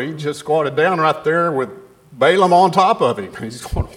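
A man preaching, retelling a scripture story in a folksy, animated way. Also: on the high side, a little slow. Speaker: pastor.

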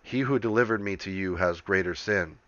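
A man reading the lines of a calm male teacher facing judgment, quiet and steady. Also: low-pitched, fairly quick, dry recording, highs cut off.

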